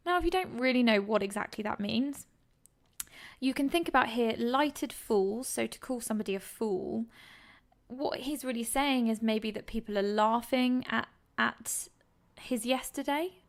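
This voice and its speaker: A woman's voice: fairly high pitch, moderate pace. A young woman from England, an English literature tutor, explaining exam answers in a chatty, enthusiastic way with frequent ums. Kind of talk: exam revision lesson.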